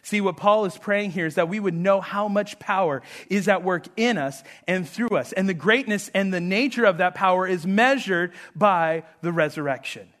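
A man preaching a sermon, acting out the characters in the story and dropping quiet for emphasis. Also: moderate pace, few pauses. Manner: animated, acts out quotes with rising pitch and volume. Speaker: pastor.

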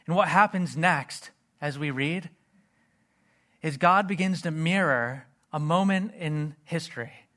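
A man preaching a sermon in an earnest voice, reading scripture low and quiet. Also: unhurried. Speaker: pastor.

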